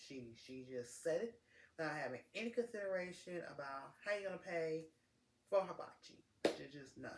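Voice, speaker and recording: A man's voice: mid-range voice, a bit bright. A young man vents in a casual storytime rant, exasperated and emphatic, circling back to the same words again and again. His voice sits in a middle range and rings in an echoey room, with faint noise behind it.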